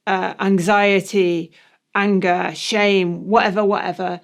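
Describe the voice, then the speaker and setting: A man co-hosting a reflective podcast discussion, explaining ideas in a measured way. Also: high-pitched, little pitch movement, vocal fry. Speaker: podcast co-host.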